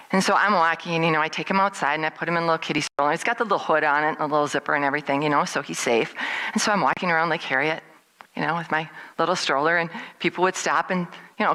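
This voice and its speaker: A middle-aged woman speaking at a service, telling a personal story in a lively way and acting out what people said with big jumps in pitch. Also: low-quality recording.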